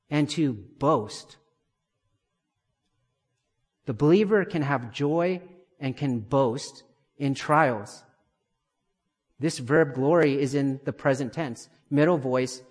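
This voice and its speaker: A man preaching an expository sermon, emphatic and building to forceful declarations. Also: a little high, in a large hall.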